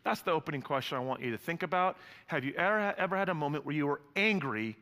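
Bright-voiced pastor preaching in a hall. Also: male voice, on the high side, fast talker. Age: adult with young sons. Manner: lively, joking, conversational preaching. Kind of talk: sermon. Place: church hall before a congregation. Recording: long hall reverb.

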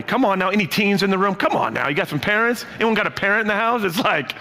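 A man preaching a sermon, lively and playful, acting out the voices in his stories. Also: sits high, fast talker. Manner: animated, playful, acts out quotes. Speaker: pastor. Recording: long hall reverb.

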